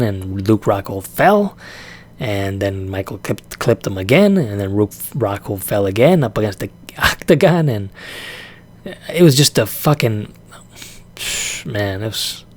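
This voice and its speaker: An exasperated man rants about a fight in casual, profane commentary, laughing between complaints. His voice sits at an ordinary middle pitch. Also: darkish tone. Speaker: vlogger reacting to a fight.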